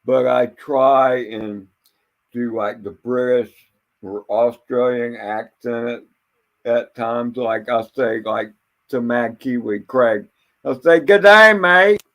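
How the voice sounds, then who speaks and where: Here the same sort of streamer speaks slowly in a mid-range, level, somewhat mellow voice. His monologue is loose and meandering, full of profanity and bluntness, and he frequently stumbles and says words twice.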